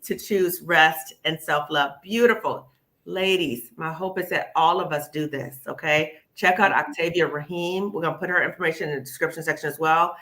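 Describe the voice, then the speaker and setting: A woman hosts a live panel discussion over a video call. Her voice is bright and forward, and she talks in an emphatic, encouraging way. She keeps checking in with "okay?" and calls the listener "sis". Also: lowish voice. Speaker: host.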